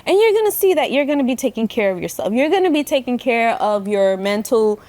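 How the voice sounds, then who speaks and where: A woman co-hosting a relaxed podcast conversation, her voice sitting a touch above the usual for women. She talks with emphatic, expressive energy and drops folksy sayings as she makes her points. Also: on the high side, fairly quick. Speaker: podcast co-host. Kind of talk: casual chat.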